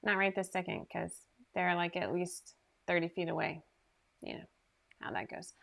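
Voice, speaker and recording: A woman's voice: on the low side, steady tone, normal speed, gravelly, fairly bright tone. A woman hosting a casual sewing livestream from her home sewing room, chatting in a rambling, self-deprecating way into her computer microphone.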